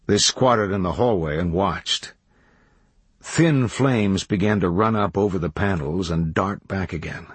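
A man reading a novel aloud as audiobook narrator, in measured, even storytelling. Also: low-pitched, husky, dry recording. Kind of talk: scripted narration.

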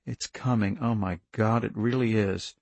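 A man's voice: on the low side, steady tone, takes it slowly, vocal fry, fairly bright tone, dry recording, exaggerated voice. A man voicing a frightened, desperate father in an audiobook reading. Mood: dread.

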